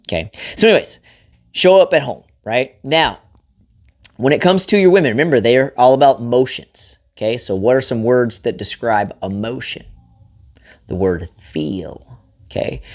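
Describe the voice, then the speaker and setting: Blunt, profane man coaching husbands. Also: medium pitch. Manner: blunt and profane, often asks "right?". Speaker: marriage coach. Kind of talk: motivational advice talk to camera.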